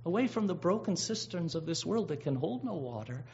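A man's voice: on the high side, sing-song, a little fast, gravelly, darkish tone, slight background noise. A man preaching a sermon, earnest and emphatic, drawing out key words and often restarting his phrases. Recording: dull lo-fi recording.

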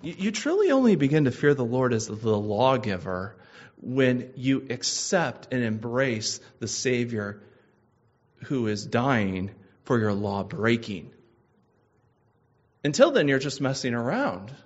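A man's voice: medium pitch, sing-song, slow. A man preaching a sermon, asking his listeners probing questions and repeating phrases for emphasis. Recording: muffled lo-fi recording.

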